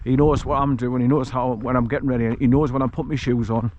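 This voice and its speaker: A man's voice: mid-range voice, fairly even intonation, fast, darkish tone, lo-fi sound, a little hiss or hum. A man chatting casually as he walks a countryside track with his dog, rambling and chuckling often, recorded on an action camera outdoors. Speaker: vlogger walking his dog. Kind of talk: casual walk-and-talk narration. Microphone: action camera carried while walking.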